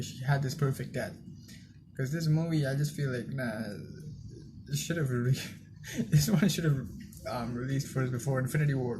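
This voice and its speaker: A young man talks through a film review in a loose, rambling way, often stopping with fillers and restarting his sentences. His voice sits at an ordinary middle pitch. A faint hiss of noise runs behind him. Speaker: movie reviewer. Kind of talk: casual spoken film review.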